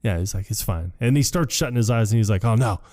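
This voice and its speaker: Low man retelling a film with voices. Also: expressive, fast talker, a little mellow. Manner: acts out quotes in shifting voices, laughs often. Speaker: podcast co-host. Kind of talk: casual chat recapping a film.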